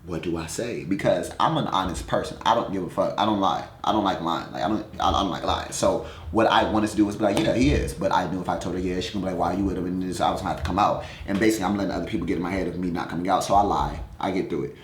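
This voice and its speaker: A young man, a musician, answering fan questions in a casual vlog, telling candid, profane stories in an animated way. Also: low voice, racing, few pauses. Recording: echoey room, faint noise.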